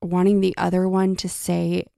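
Brief: woman, low and very gravelly, dry close recording, casual book-club co-host. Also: completely flat delivery, moderate pace, warm tone, no room sound. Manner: reads passages aloud, then chats loosely with fillers. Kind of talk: casual book chat with read-aloud passages.

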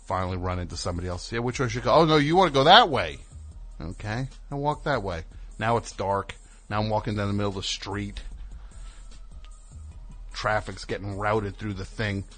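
A low-voiced man tells a rambling story in an animated, exasperated way. He slips into the voices of the people he met, with faint music behind him. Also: fairly quick. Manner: animated, exasperated, acts out other people's lines. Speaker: caller. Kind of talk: casual storytelling on a call-in show.

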